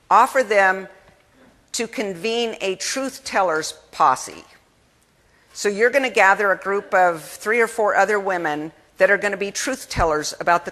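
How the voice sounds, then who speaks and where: A woman giving an energetic keynote speech at a conference, talking in a lively, conversational way and acting out the people she quotes. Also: medium pitch. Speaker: keynote speaker. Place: conference hall. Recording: long hall reverb.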